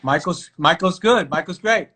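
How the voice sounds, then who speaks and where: A middle-aged man from New York, an actor guest telling stories casually on a live video call, animated and full of fillers and restarts. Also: high-pitched, moderate pace, breathy edge. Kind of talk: casual storytelling interview.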